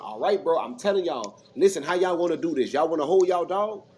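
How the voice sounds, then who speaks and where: Casual male panelist from Mississippi, a bit high-pitched, animated storyteller who swears freely, on a noisy chat-room line. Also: a little fast. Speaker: regular panelist. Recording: noisy audio-chat recording.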